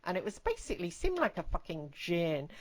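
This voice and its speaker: A woman hosting a podcast, telling a story in casual, rambling talk, blunt and full of swearing, and dropping to a hushed, intense tone for the eerie parts. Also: lowish voice, sing-song, a little fast, rough recording. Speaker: podcast host.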